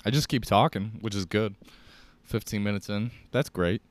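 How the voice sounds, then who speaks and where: A young man with a deep voice and a Chicago accent, hosting a solo podcast and rambling casually with lots of swearing. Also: moderate pace, dry recording. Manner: profane, rambling, jokey. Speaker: podcast host.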